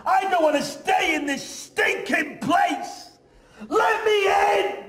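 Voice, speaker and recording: A man performing a stage role as a young disabled boy, shouting and pleading to be let in. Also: extremely high pitch, slow, echoey room, pitched above the performer's own voice, full character voice. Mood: desperate.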